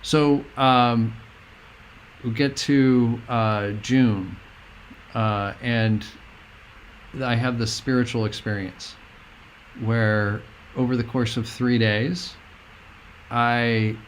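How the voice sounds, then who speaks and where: A middle-aged man, a guest, telling a personal story in an earnest, meandering, halting way. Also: medium pitch, steady tone, a little hiss or hum.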